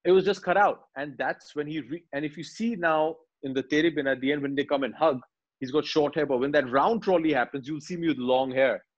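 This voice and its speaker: A man, animatedly retelling film scenes in an interview and quietly acting out the lines. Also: a little high, a little fast, lo-fi sound. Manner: animated storyteller, acts out dialogue lines quietly. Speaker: actor, interview guest.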